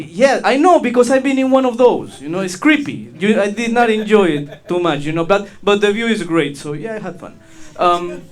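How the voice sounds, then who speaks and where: Peruvian-accented man doing stand-up. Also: high voice. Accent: Peruvian Spanish. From Peru. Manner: crude, rambling, self-mocking. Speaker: stand-up comedian. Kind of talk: stand-up comedy set.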